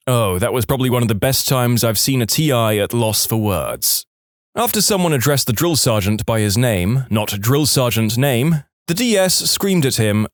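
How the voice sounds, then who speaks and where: A man reading online stories aloud in an animated storytelling way, recorded close on a studio mic. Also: mid-range voice, moderate pace, no echo. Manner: animated storytelling, switching into voices. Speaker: narrator.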